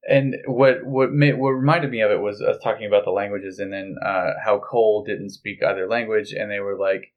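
Guy on a podcast talking about an episode, lowish voice, fixes the details. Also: steady tone, moderate pace, hardly any pauses, lo-fi sound. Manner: chatty, corrects details, laughs along. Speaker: podcast co-host. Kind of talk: casual chat.

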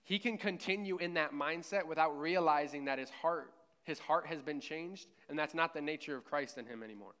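A male pastor preaches a sermon in a church, keeping it relaxed and conversational and often pausing to ask listeners "right?" His voice sits a little high for a man and comes through smooth and clear.

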